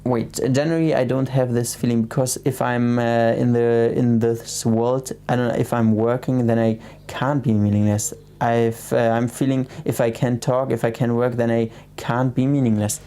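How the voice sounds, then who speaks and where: A young man with a German accent hosting a casual late-night livestream, reading viewer comments aloud and answering in a soft, hesitant way with many restarts. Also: mid-range voice, level tone, normal speed, hardly any pauses. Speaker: livestream host.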